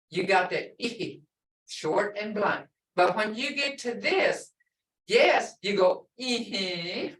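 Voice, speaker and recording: A middle-aged woman teaches a language class at an unhurried, deliberate pace. She patiently says each word again and again so students can hear the tone. Her voice sits back from the mic in an echoey room. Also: on the high side, a bit bright, distant mic. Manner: patient, repeats words slowly to show tone.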